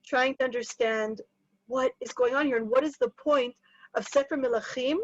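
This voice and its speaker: A woman teaching a casual Torah lesson, chatty and lively, tossing in Hebrew terms and quick asides. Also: high voice, muffled recording, a little hiss or hum. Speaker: Bible teacher.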